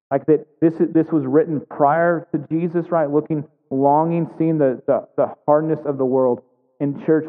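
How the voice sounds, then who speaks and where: A man preaching a sermon as a pastor, telling a story casually and conversationally with humor. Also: a little high. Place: church sanctuary. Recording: phone-like sound in a large reverberant hall.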